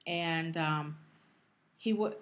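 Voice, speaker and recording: Middle-aged woman co-host, emotional storyteller, halting, restarts, quotes others in passing. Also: low-pitched. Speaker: podcast co-host. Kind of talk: casual storytelling.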